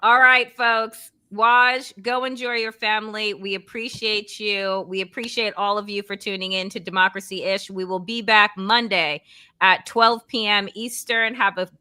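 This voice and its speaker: A woman hosting a political talk show, wrapping up with effusive thanks. Her voice is bright and crisp, and it is recorded close and dry. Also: medium pitch, fairly even intonation, unhurried, no room sound. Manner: warm, effusive sign-off. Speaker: host. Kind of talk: casual chat, show sign-off.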